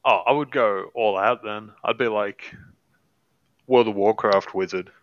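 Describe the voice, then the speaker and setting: A man's voice: on the low side, a little slow, no echo. A man co-hosting a casual podcast, wry and full of offbeat questions. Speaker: podcast co-host. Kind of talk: casual chat. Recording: dull dry mic.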